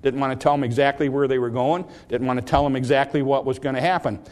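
A middle-aged man preaching a sermon, earnest, repeating phrases and rising in pitch on points he stresses. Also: fairly even intonation, fast, a little mellow. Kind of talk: sermon, Bible teaching.

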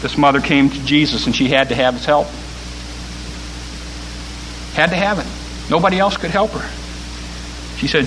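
A man preaching a sermon, building from calm talk to loud, pressing appeals. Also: a little high, normal speed, pauses often, a little hiss or hum, low-quality recording.

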